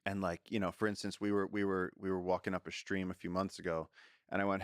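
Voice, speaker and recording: A man who is a guest in an interview, telling animated jungle stories and acting out the voices of people and animals. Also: sits low, quick pace, dry recording, clean studio sound. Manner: animated storyteller who acts out voices in quotes. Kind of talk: storytelling in a casual interview.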